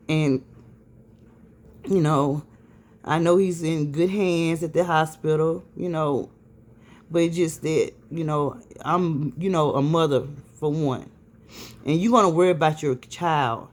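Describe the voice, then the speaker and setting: A woman's voice: low voice, darkish tone. A stressed, weary woman venting to camera, swearing heavily, with many fillers and restarts. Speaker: vlogger.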